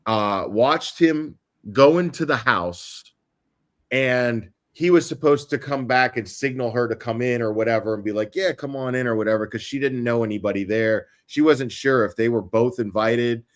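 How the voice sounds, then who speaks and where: A man's voice: mid-range voice, normal speed. A male host on a casual livestream, explaining a timeline step by step with frequent ums and uhs.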